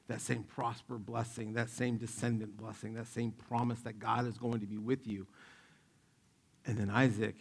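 A man in his forties preaching a sermon, telling stories in an animated, joking way and acting out the quotes. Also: mid-range voice, creaky, slightly rough. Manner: animated, jokey, acts out quotes. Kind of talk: sermon with personal storytelling.

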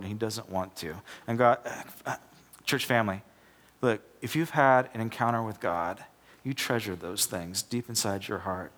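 A man's voice: mid-range voice, a bit bright. Man pastor, young adult, preaching in church, chatty, restarts his words, plain mid-range voice. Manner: conversational, repeats and restarts words, acts out quoted characters. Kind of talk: sermon with a joke told as illustration.

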